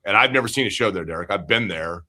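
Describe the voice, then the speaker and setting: A man's voice: on the low side, animated, fast talker, bright, forceful tone. A man co-hosting a casual sports talk show from his home studio, chatty and joking. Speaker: podcast co-host.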